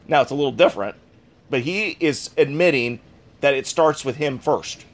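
A man preaching a sermon with an earnest, conversational delivery. His voice sits fairly high for a man, and he repeats phrases to drive each point home. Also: normal speed. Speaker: pastor.

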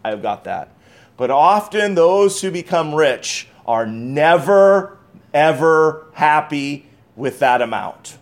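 A man with a slightly higher-pitched voice delivers an emphatic sermon. He stresses and repeats key phrases, then drops into loose conversational asides with small restarts. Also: animated, slow. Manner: emphatic preaching, repeats key phrases, reads scripture aloud. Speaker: pastor.

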